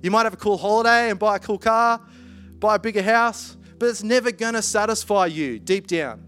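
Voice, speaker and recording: Aussie guy preaching, chatty and animated, high voice, faint music behind. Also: fairly quick. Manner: conversational, animated, playful asides. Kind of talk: sermon.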